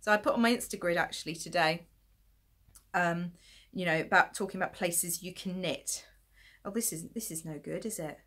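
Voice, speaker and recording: A woman's voice: lowish voice, moderate pace, a bit bright. A woman chatting casually about her knitting projects late at night, tired and yawning, rambling and poking fun at herself as she shows her work. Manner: chatty and rambling, self-deprecating, giggly. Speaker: knitting podcast host. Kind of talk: casual chat showing knitting to camera.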